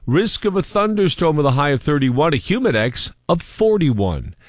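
A man reading the news and weather on the radio, crisp and steady. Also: a little high, moderate pace, dry recording, studio quality. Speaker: newsreader.

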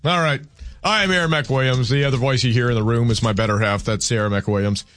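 A man's voice: medium pitch, fairly even intonation, a little fast, fairly bright tone. A man hosting a call-in radio talk show from a studio, rambling and joking about himself in casual chat. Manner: rambling, self-deprecating, playful. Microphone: studio microphone.

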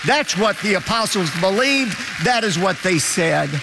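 High, lively preaching man in reverb. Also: a little slow, gravelly, a crowd in the background, noisy background. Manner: emphatic, declamatory preaching with repetition. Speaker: pastor. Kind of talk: sermon.

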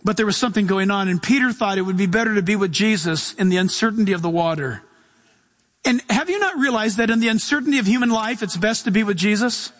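A male pastor preaches with lively energy, his voice sitting notably high for a man. He slips into little acted voices and loud bursts. The sound rings with a long hall reverb. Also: quick pace. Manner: animated preaching, acting out voices and shouts. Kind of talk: sermon.

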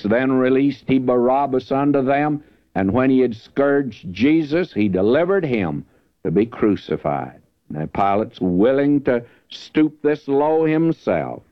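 Male preacher, low voice, earnest Bible teaching, dry muffled lo-fi tape. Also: dry recording. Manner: earnest, emphatic, lifts his voice when reading scripture. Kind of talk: verse-by-verse Bible teaching sermon. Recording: dull lo-fi dry recording.

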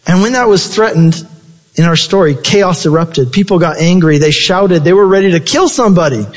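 A man's voice: normal speed, long reverb tail. A man preaching a sermon with passion, his voice leaping up for emphasis. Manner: impassioned preaching with sudden high-pitched emphasis. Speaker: pastor.

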